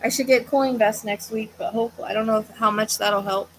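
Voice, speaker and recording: At home with a fan running, a woman hosts a psychic medium livestream, chatting casually in a tired, hesitant, rambling way full of fillers and the occasional yawn. Her voice sits on the high side with fairly even intonation, and she talks fast. The audio is poor, with a little hiss or hum.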